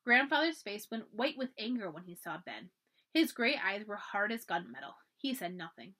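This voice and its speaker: A woman librarian reading a children's storybook aloud, expressive and often dropping to a hush for the dramatic parts. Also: mid-range voice, moderate pace.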